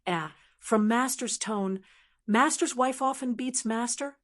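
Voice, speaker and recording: A woman's voice: fairly high pitch, animated, measured pace, pitched above the performer's own voice. A woman voicing a cheeky young male disciple who teases his master and giggles. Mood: curious. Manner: teasing, giggly.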